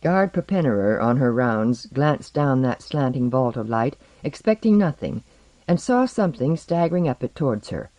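An audiobook narrator giving a measured, dramatic reading of scripted narration. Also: mid-range voice, very animated, dark tone, dry recording.

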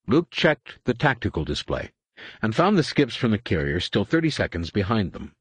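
A male audiobook narrator giving a dramatic, animated reading. His voice sits low, swings widely in pitch, and sounds dry and close to the mic. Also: moderate pace, husky, no echo. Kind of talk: scripted narration.

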